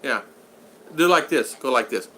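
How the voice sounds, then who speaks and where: Man, livestream host, animated pitch, bright sharp tone, joking and rambling, reads viewer comments aloud. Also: normal speed, slight background noise. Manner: rambling, jokey, laughs often, retells stories with quoted voices. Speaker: live stream host. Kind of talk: casual live chat reading viewer comments.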